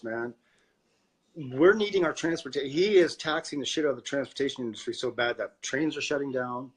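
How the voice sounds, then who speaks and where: A Canadian man co-hosting a podcast rants about politics, worked up and profane, often repeating words. His voice is husky and medium in pitch, and the talk is casual political chat.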